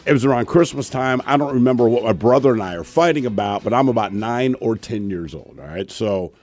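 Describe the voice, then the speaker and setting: A middle-aged man hosting a radio show, telling personal stories in a casual, animated way and laughing along. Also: mid-range voice, a little fast, soft background music. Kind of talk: casual on-air storytelling.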